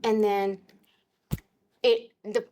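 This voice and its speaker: Woman, podcast co-host, reflective conversation, frequent restarts, acted-out quotes, mid pitch. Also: level tone, very slow, darkish tone, slight background noise. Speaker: podcast co-host speaking to her husband.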